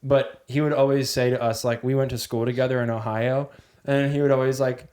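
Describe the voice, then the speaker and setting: A man with a mid-range voice trading quick, sarcastic jokes in a casual podcast chat. His tone is loose and teasing. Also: mid-range voice, flat delivery, a little mellow. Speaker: podcast co-host.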